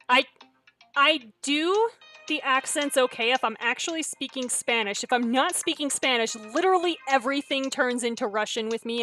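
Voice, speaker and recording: A woman's voice: on the high side, a bit bright. Chatty young woman streaming a story game. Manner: chatty, self-deprecating, reacts aloud. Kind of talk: reading a visual novel aloud while streaming.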